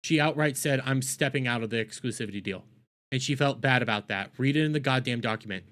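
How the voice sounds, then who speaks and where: A young man reacting to a video from his home at night, exasperated and fuming. He rants and swears, loops back over the same complaint, and keeps bursting out loudly. His voice sits at an ordinary middle pitch for a man. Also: quick pace. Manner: ranting, swears, repeats himself, bursts into loud outbursts. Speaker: reaction channel host.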